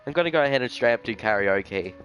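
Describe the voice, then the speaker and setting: A man's voice: medium pitch, animated, fast, a bit bright, highs cut off. A young man live-streaming a game, chatting casually and rambling in slang, often tossing in "bro". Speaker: gaming streamer. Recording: faint music behind the voice.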